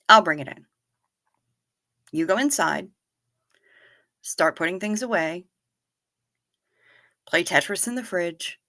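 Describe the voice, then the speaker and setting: A middle-aged woman hosting a livestream, chatting casually, reading viewer comments and telling stories in an animated, direct way. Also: lowish voice, measured pace, pauses often, dry recording. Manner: animated storyteller, talks straight to viewers. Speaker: livestream host.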